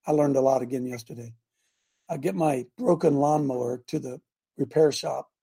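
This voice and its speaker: A man's voice: medium pitch, normal speed, gravelly, dark tone, husky. A man hosting a radio show, preaching in an emphatic, rambling way with many asides.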